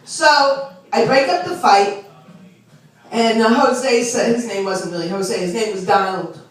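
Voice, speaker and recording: A woman's voice: fairly high pitch, measured pace. A woman, doing a chatty, self-deprecating stand-up set and talking to the crowd. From Long Island. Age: 60s. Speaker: stand-up comedian. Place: small club. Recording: roomy club sound from a distant mic.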